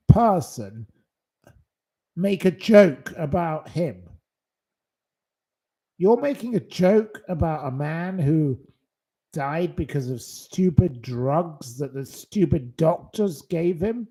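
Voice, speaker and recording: Channel host, male, slow, indignant scolding rant. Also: fairly high pitch, lively intonation, warm tone, slightly rough. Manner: indignant, scolding, hurling insults. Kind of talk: angry livestream rant.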